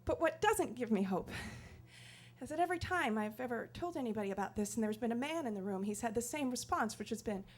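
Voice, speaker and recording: A woman comedian telling a self-deprecating story on stage in an animated, comic way. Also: fairly high pitch, fast. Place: live storytelling stage before an audience.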